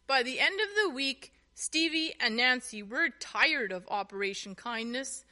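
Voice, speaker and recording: Lady reading a kids' story, slow and bouncy, bright voice. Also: high-pitched, expressive. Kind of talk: children's storybook narration.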